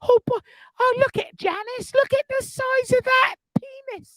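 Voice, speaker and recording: A man voicing a gossipy older English lady who is prim yet bawdy, with an English accent and shrill, prim exclamations. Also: steady tone, a little slow, pushed and bright, dry recording, full character voice. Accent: English, put on.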